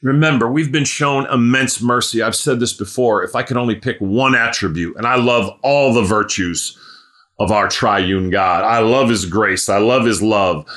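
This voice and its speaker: A man preaching a sermon in an earnest voice, rising to loud emphatic peaks and dropping to low, hushed stretches, with frequent restarts as he thinks aloud. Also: normal speed. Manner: repeats and restarts words while thinking aloud.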